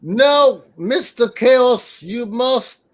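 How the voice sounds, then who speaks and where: A man's voice: very high-pitched, animated, extremely slow, voice pushed up, exaggerated voice. A man putting on the voice of a boastful foreign male wrestler who taunts in clipped, broken English. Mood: accusing.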